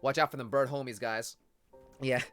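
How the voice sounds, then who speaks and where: A man's voice: medium pitch, steady tone, moderate pace, a bit bright, faint music behind. A young man streaming a video game, chatting casually and rambling in a joking way while reading the game's dialogue aloud. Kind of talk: casual live-stream commentary.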